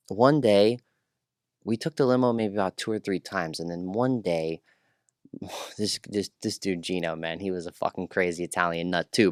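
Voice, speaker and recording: Deep-voiced man telling wild stories. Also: smooth, no echo, clean studio sound. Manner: profane, rambling, animated storyteller. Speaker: podcast guest. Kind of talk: casual storytelling interview.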